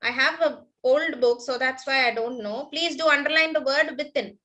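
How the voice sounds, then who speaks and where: A woman's voice: high voice, moderate pace, sharp tone, poor audio. A woman teacher with an Indian English accent, giving an online class and patiently repeating each instruction with frequent "okay" and thanks.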